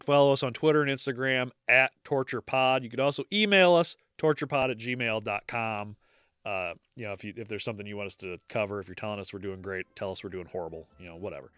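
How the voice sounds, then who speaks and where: A man's voice: fairly low pitch, fast, a bit bright, clear, resonant tone, no echo, studio quality. A man with an American accent co-hosting a podcast in casual chat, easygoing, and he also reads the show's sign-off. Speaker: podcast co-host.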